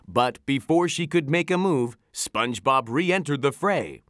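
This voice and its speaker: A narrator reading a children's storybook aloud in an animated, expressive way. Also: mid-range voice, measured pace, no room sound, studio quality.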